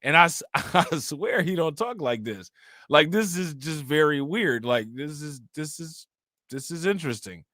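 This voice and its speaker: A man hosting a live reaction stream, talking loosely and laughing between chat shout-outs. His voice is bright and forward, recorded close and dry with no room sound. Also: a little high, lively intonation, a little slow, no room sound. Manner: laid-back, laughs often, reads chat shout-outs. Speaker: livestream reaction host. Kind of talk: casual live-stream commentary.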